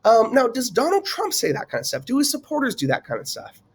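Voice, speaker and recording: A man's voice: extremely high pitch, huge pitch swings, quick pace, breathy edge. A man teaching in a casual, conversational way, with many fillers and questions put to the viewer. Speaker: teacher explaining a political topic. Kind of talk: casual explainer lecture.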